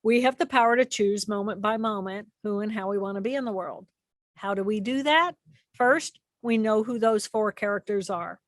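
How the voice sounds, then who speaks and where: A woman giving an explanatory talk to an audience, animated and repeating key phrases for emphasis. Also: mid-range voice, normal speed, no room sound, clean studio sound. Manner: animated, acts out inner voices and repeats phrases. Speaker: speaker presenting to an audience.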